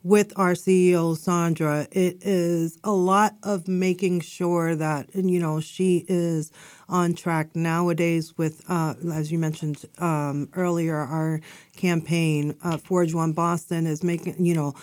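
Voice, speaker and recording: A woman's voice: lowish voice, little pitch movement, takes it slowly, darkish tone, no echo, clean studio sound. Modest woman guest on community radio. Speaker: guest, chief of staff. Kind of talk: radio interview.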